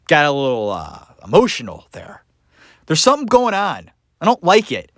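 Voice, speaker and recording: A man's voice: a little high, huge pitch swings, normal speed, no echo, clean studio sound. A man hosting a podcast, ranting sarcastically and emphatically in a solo opinion monologue. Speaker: podcast host.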